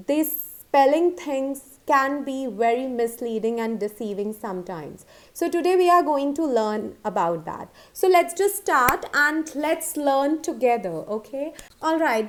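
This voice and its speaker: A high-pitched woman teaches pronunciation in an unhurried, casual video lesson. She speaks slowly, fills pauses with "uh" and checks in with "okay?" and "all right?" as she goes. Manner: slow, with many fillers and checks like "okay?".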